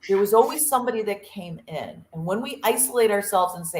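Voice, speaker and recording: A woman's voice: mid-range voice, lively intonation, a little fast, hardly any pauses. An earnest woman co-host in a casual motivational chat, acting out little quotes as she tells stories. Her voice sits mid-range and rings in a roomy, echoing space. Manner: earnest, storytelling, acts out quotes.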